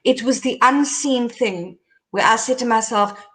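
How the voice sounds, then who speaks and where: A middle-aged woman, hosting and candidly telling her own story, animated as she recounts events. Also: a little high, measured pace. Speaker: host.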